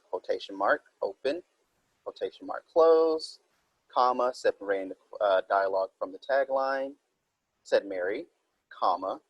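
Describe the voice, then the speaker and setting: Husky-voiced man teaching a writing lesson. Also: on the low side, a little slow, dry recording, highs cut off. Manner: explains step by step, reads example sentences aloud. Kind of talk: recorded writing minilesson.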